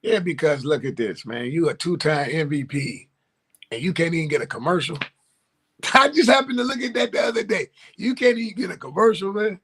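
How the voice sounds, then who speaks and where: A man with a high, husky voice co-hosts a casual sports talk show. He argues bluntly and emphatically, and his pitch swings all over. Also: animated, a little fast, a bit bright.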